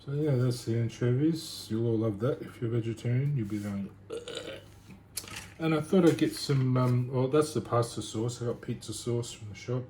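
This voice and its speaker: A man's voice: mid-range voice, brisk, hardly any pauses, warm tone. Rambling man in a noisy kitchen. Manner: rambling, chatty, thinks aloud with restarts. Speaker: home cook vlogger. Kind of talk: casual cooking chat. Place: home kitchen. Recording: noisy home recording.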